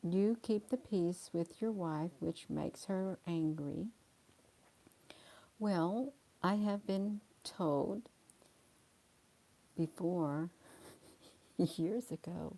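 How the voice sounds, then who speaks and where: A middle-aged woman chatting slowly and soothingly with livestream viewers, calling them honey. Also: low-pitched, steady tone, dark tone. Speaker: livestream host reading viewer comments. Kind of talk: slow casual chat to live viewers.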